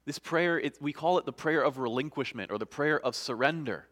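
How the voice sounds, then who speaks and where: A man's voice: fairly high pitch, a little fast, hardly any pauses, fairly bright tone. A male pastor preaching a sermon, earnest and conversational, often restarting phrases and checking in with "right?".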